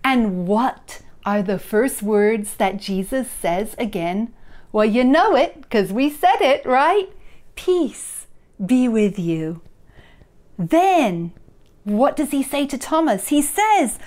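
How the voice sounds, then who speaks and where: A woman minister preaching a sermon, expressive, moving between emphatic peaks and hushed tones, and leading the listeners in repeated affirmations. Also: fairly high pitch, slow. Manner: leads the congregation in repeated affirmations. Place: church, recorded for online service.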